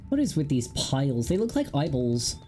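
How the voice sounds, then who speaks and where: A woman's voice: very deep voice, big pitch swings, moderate pace, warm tone. A young woman streaming a horror game, joking at herself and reacting aloud in a playful, casual way. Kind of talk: casual live gameplay commentary. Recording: stream with faint game music.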